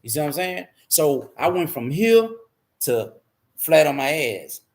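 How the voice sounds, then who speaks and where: A man's voice: on the high side, lively intonation, measured pace. A man candidly telling his life story in a rambling, profane way, repeating himself as he goes.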